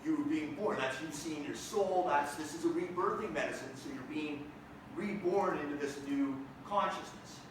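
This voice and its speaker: A man tells a comic story on stage in an animated, jokey way, acting out his own reactions. His voice is fairly high. The sound is distant and very echoey, with audience noise clearly audible. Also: moderate pace. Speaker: comedian performing a one-man show. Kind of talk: stand-up storytelling. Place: theater stage.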